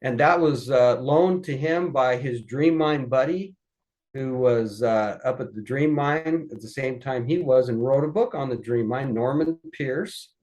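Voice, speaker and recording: Male guest, mid-pitched, spins folksy family stories with lively energy. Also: a little slow, rough recording. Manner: folksy, lively storyteller acting out voices. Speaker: podcast guest. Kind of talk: anecdotal storytelling.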